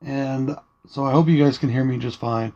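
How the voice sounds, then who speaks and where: A man talking quietly and casually through a movie review, late at night at home, in a soft, rambling way. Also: mid-range voice, fairly even intonation, normal speed, dull audio. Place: home at night, dim room.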